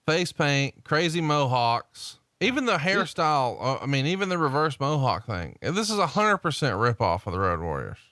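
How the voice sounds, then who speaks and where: A man's voice: mid-range voice, very animated, moderate pace, hardly any pauses, sharp tone, no room sound, studio quality. A man co-hosting a casual chat, eagerly listing details and prompting questions. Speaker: podcast co-host.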